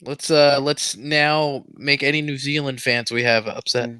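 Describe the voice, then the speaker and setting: A man's voice: mid-range voice, fairly even intonation, measured pace, pushed and bright, smooth, no room sound. A man co-hosting a podcast in casual chat, teasing the others and jumping in eagerly. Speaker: podcast co-host.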